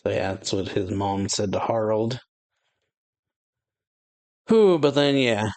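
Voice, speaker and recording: A man's voice: fairly low pitch, lively intonation, slow pace, a little mellow. A man hosting a casual reaction video, reading comic pages aloud and chatting loosely, laughing often. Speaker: anime reaction youtuber. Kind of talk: casual comic read-through.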